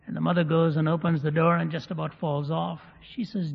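Preacher, male, high voice, humorous storyteller, muffled echoey hall recording. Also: flat delivery, a little fast, creaky, few pauses, slight background noise. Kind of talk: sermon storytelling. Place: hall with live audience. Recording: dull recording in a reverberant hall.

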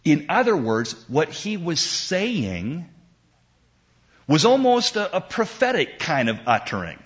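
A middle-aged man preaching a sermon in a church, emphatic and unhurried, with dramatic pauses. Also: on the high side, big pitch swings, highs cut off. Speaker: pastor.

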